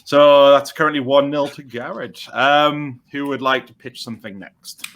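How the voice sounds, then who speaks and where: A man hosting a podcast in casual chat, easygoing and quick to laugh as he judges his co-hosts' pitches. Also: dull audio. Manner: laughing, easygoing, lively intonation. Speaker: podcast host judging pitches.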